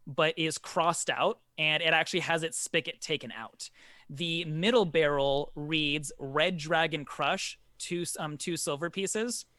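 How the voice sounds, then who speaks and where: A man's voice: on the high side, bright, forceful tone, dry recording. A man running a tabletop game as dungeon master, describing the scene with many fillers and self-corrections.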